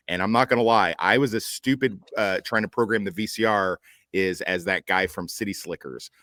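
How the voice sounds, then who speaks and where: A man's voice: low voice, a bit bright, no room sound. A man hosting a casual group chat, joking, teasing and swearing freely. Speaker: podcast host.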